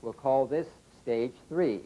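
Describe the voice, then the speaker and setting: Slow, over-enunciating male pronunciation coach. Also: medium pitch, warm tone. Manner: drawn-out, exaggerated vowels for demonstration. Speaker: pronunciation teacher. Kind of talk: slow, careful instructional speech. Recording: dull, lo-fi recording.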